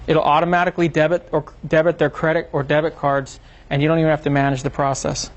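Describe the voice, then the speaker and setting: Lively man telling a seminar story. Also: fairly high pitch, fast talker. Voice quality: animated storyteller, acts out quotes. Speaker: seminar presenter. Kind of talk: seminar talk to a small group.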